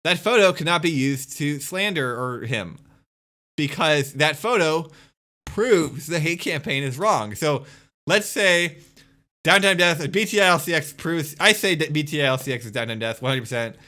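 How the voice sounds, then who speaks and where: A man's voice: on the high side, animated, moderate pace, bright, forceful tone. Exasperated ranting young man. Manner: exasperated, swearing, repetitive rebuttals. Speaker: streamer responding to a critic. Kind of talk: casual ranting commentary.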